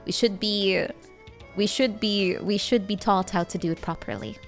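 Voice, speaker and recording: A woman's voice: medium pitch, normal speed, soft background music. A woman with a Dutch accent, a streamer chatting casually with viewers, giggling often and stammering through playful restarts.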